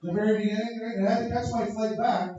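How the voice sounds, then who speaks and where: A high-voiced man from Canada does a crude, profane stand-up set and keeps riffing with the crowd. The recording is booming with echo and muffled. The mic hears him from far off in the comedy club. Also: steady tone, fast, warm tone.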